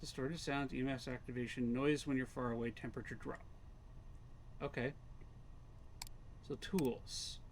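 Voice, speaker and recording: A man's voice: medium pitch, fairly even intonation, normal speed, pauses often, slight background noise. A Canadian man casually commenting on a game he is playing live, reading its text aloud and chatting with viewers. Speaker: streamer.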